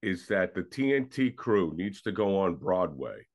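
A man's voice: low-pitched, sing-song, unhurried. A man co-hosting a sports podcast in casual, enthusiastic chat that sometimes trails off mid-thought. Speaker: podcast co-host.

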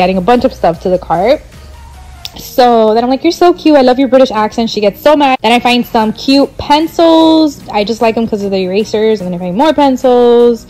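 Mom voiceover, thirties, high-ish voice, chatty storyteller who acts out every quote. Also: female voice, darkish tone, poor audio. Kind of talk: casual vlog voiceover.

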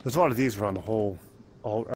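A man's voice: on the low side, quick pace, slight background noise. A man playing a zombie game, chatting playfully to himself and to the enemies as he goes. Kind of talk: let's play commentary.

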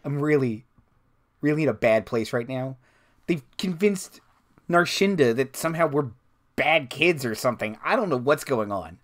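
A man's voice: medium pitch, lively intonation, moderate pace, voice pushed up, lightly acted. A man voicing a petulant, complaining young henchman overheard in a tabletop game. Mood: whiny.

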